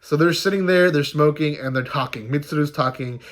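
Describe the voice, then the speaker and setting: A man's voice: fairly high pitch, fairly quick. A young man reviewing a manga chapter in a casual, rambling recap.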